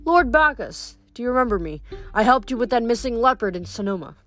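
A woman's voice: fairly high pitch, expressive, fairly quick, fairly bright tone. A woman voicing a polite, friendly teenage boy demigod. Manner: polite, respectful.

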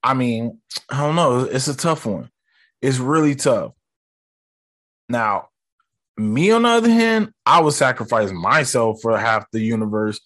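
A man's voice: mid-range voice, very animated, a little slow, long pauses, a bit bright. A man casually ranking movie moments for his viewers, talking loose and slangy with frequent swearing. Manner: loose, slangy and profane, talks straight to viewers. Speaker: movie vlogger.

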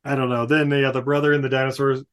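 A man co-hosting a casual podcast, recapping a movie in an animated way, swearing and slipping into silly voices. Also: mid-range voice, fast. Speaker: podcast co-host.

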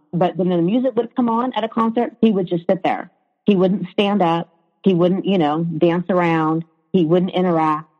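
A woman telling her own story in a conversation, hesitant, with frequent fillers and restarts. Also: lowish voice. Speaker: guest sharing her story. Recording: reverberant, dull lo-fi sound.

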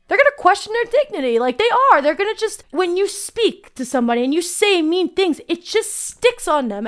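Young woman, casual storyteller, animated, slightly high pitch, chatty with lots of "like". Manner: chatty, full of "like", acts out quoted dialogue. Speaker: vlogger telling a personal story.

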